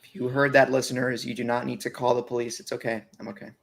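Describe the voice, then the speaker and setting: A man's voice: medium pitch, flat delivery, fast, creaky. A man co-hosting a gaming podcast, telling rambling jokey stories in casual chat. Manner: joking, meandering storyteller. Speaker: podcast co-host.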